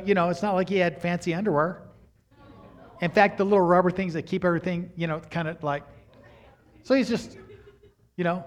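An older man in his sixties preaches, his voice sitting a little high for a man. He tells stories in an animated way and often climbs into loud, excited bursts before dropping back down. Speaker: pastor. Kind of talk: sermon storytelling.

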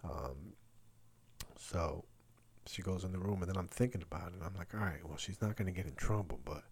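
A man's voice: sits low, fairly quick, a little mellow, husky. A middle-aged man, hosting a casual solo podcast, talking candidly and rambling with many fillers and restarts. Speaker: podcast host.

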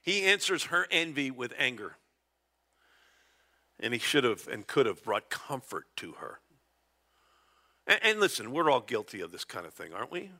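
A man's voice: mid-range voice, very animated, normal speed, pauses often, pushed and bright. A middle-aged man preaching a conversational Bible-teaching sermon, chuckling often and acting out small dialogues. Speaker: pastor.

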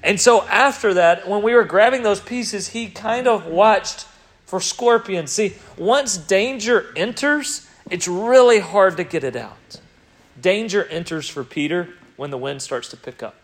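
A man with a notably high voice preaches a sermon. He swings between loud, emphatic bursts and quiet, reflective stretches. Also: animated, measured pace.

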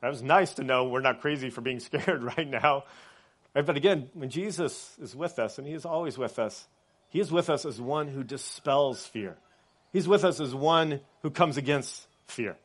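A man preaching a sermon in a conversational way, often checking in with his listeners and dropping soft and quiet on reflective points. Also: medium pitch, normal speed. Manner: conversational, often adds "right?" as a tag. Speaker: pastor.

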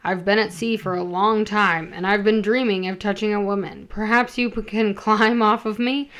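A woman voicing a young woman disguised as a male sailor, nervous and formal, with her voice pushed lower. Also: fairly even intonation, normal speed, a bit bright, lightly acted. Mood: flustered.

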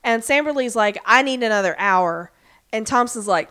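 On the high side and animated, with a sharp yet smooth tone, a woman co-host recaps an episode during a casual podcast chat. She quickly acts out bits of the characters' lines, with frequent "um"s and "like"s.

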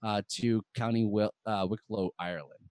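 A man's voice: on the low side, steady tone, moderate pace, a little mellow, smooth, no echo, clean studio sound. A man co-hosting a casual movie podcast, rambling through film trivia with frequent fillers. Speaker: podcast co-host. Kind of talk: casual movie-review chat.

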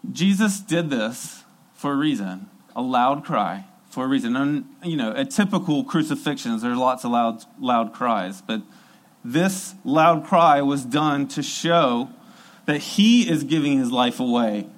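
A man's voice: mid-range voice, animated, unhurried, rough recording. A man preaching a sermon in an earnest, emphatic way, repeating key phrases for weight.

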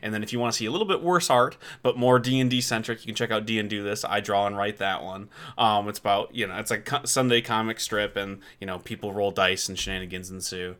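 A man's voice: on the low side, steady tone, fast, few pauses, a bit bright. A man in his thirties hosting a podcast, chatting casually about his kids and joking with his wife. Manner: joking, laughs often. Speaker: podcast host. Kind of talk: casual chat.

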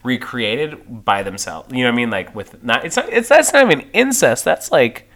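Low-voiced, animated, profane woman. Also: normal speed. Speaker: podcast co-host. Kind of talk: casual chat.

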